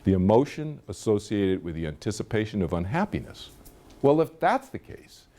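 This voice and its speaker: A man's voice: on the low side, very animated, moderate pace, mellow, slight background noise. A middle-aged man giving a live seminar talk, chatty and storytelling, often checking in with his audience. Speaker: seminar speaker.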